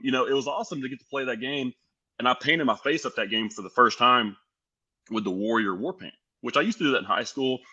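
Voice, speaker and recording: Podcast guest: young American man, low voice with a bright forceful edge, animated storyteller. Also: dull audio. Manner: animated, lively storyteller acting out quotes. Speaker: podcast guest, pro wrestler. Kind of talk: casual storytelling.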